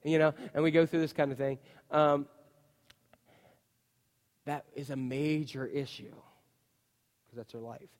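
A man preaching a chatty, animated sermon as a pastor, full of asides and "you know". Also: a little high, unhurried, pauses often. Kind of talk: conversational sermon. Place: church. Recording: long reverb of a church hall.

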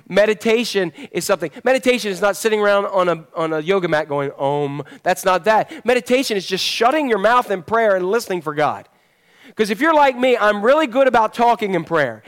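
A man's voice: high-pitched, a bit bright. A middle-aged man preaching a sermon in a church, conversational and joking with the congregation, handing out fruit as he goes. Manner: moves about handing out fruit while talking. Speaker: pastor. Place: church sanctuary.

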